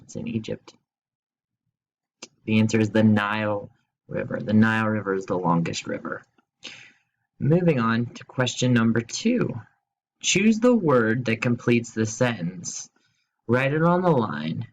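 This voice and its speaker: A man teaching a recorded remote grammar lesson at his computer, explaining slowly and spelling words out, with playful quiz questions and jokes. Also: on the low side, animated, poor audio.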